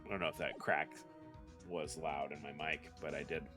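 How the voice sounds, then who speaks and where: A man's voice: extremely low pitch, flat delivery, moderate pace, over music. A man livestreaming a courtroom game, reading the hero's lines aloud and adding self-mocking asides. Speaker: streamer.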